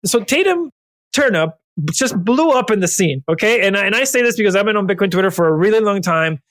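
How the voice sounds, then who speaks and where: Upbeat higher-voiced male host. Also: fast, a bit bright, dry recording. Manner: enthusiastic, effusive praise. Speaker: podcast host. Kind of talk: casual interview chat.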